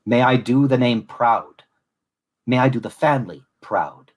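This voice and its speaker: A man reading a solemn, grandiose scripted monologue as a podcast host, deliberate and formal, then chatting casually. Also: mid-range voice, animated.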